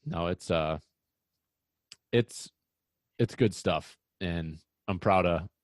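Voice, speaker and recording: Low-voiced young man telling hunting stories. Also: takes it slowly, no room sound. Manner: rambling storyteller, excitable. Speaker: podcast host. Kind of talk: casual hunting podcast chat.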